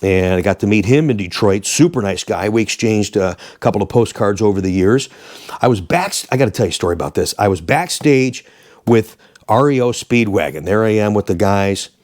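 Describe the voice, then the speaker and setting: A man in his sixties, a former radio DJ and host, telling rambling, animated anecdotes casually. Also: fairly low pitch, fairly quick. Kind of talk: casual storytelling.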